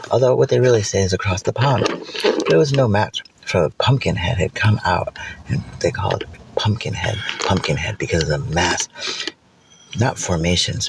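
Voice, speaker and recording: A man streaming from inside a car, spinning playful, rambling made-up stories in a theatrical way. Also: fairly low pitch. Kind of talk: rambling improvised storytelling. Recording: noisy car interior.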